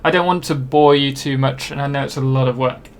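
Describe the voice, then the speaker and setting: A man's voice: mid-range voice, fairly even intonation, brisk, a little hiss or hum. Chatty young man streaming a game. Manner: rambling, chatty, self-deprecating, many ums and restarts. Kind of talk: casual live-stream chat while playing.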